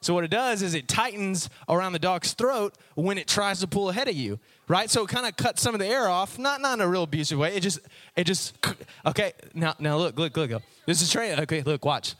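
A man's voice: high voice, a little fast, few pauses. A young adult man, a youth pastor, giving a casual sermon, telling stories animatedly and acting out voices with frequent laughs. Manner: animated storyteller, acts out voices, laughs often.

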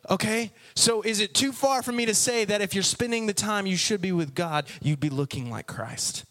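At an ordinary speed and in a voice that sits high, a man preaching in Texas keeps his sermon lighthearted. He addresses the crowd head-on with animated, playful humor.

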